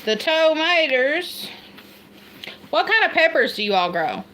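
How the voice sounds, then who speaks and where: A woman's voice: a little high, big pitch swings, fast talker, sharp tone, a little hiss or hum. A woman from Kentucky with an Appalachian accent, chatting casually and rambling on a livestream, laughing at herself. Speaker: homestead livestream host.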